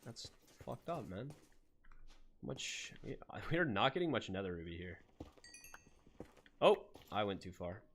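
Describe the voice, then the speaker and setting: In a roleplay on his live gaming stream, a man chats in a put-on accent, greets viewers by name and laughs often. His fairly low voice swings widely in pitch at a measured pace, with frequent pauses. A little hiss or hum is audible.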